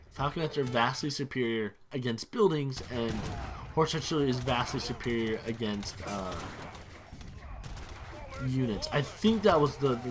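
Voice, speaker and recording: A man talking over his own strategy game match in loose let's-play commentary. He rambles with quick bursts of excitement, trips over and corrects his own words, and swears now and then. His pitch sits at an ordinary middle height for a man. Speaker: gaming YouTuber.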